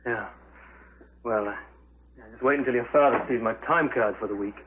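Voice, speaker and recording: A man's voice: medium pitch, normal speed, a bit bright, a little hiss or hum, close to an everyday voice, poor audio. An actor playing an easygoing young man in a 1980s TV soap, laid-back and joking.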